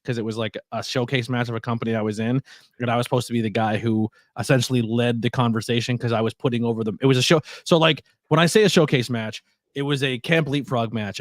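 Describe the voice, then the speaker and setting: A man's voice: mid-range voice, no room sound, clean studio sound. Earnest man rambling on a podcast. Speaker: podcast co-host. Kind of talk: casual chat.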